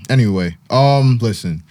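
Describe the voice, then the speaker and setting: A man's voice: mid-range voice, animated, takes it slowly, darkish tone. A man hosting a casual sports and music podcast, joking with friends while trying to move the show along. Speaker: podcast host. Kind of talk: casual chat.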